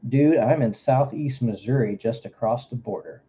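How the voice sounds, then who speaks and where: A mellow, dark-toned man with a Southern accent rambles through a casual livestream, cracking jokes between giveaways. He is from Florida. The audio is a little muffled and lo-fi. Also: mid-range voice, normal speed. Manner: rambling, joking, drawling asides. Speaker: livestream host. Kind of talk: casual stream chat.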